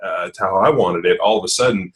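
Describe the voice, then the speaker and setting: A man's voice: deep voice, fast, poor audio. A man hosting a podcast, telling stories in a rambling, filler-heavy way. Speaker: podcast host. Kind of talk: casual podcast chat.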